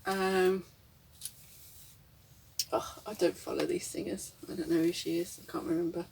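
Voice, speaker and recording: A woman's voice: lowish voice, fairly even intonation, moderate pace, vocal fry, recorded from a distance, noisy background. A woman, rambling reflectively and candidly in a casual vlog, often chuckling. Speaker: vlogger. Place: inside a camper van.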